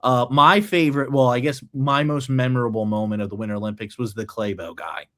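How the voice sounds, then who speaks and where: A man's voice: medium pitch, fairly quick, fairly bright tone. A man co-hosting a sports podcast, agreeable and careful to hedge in casual chat. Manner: agreeable, hedging. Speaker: podcast co-host.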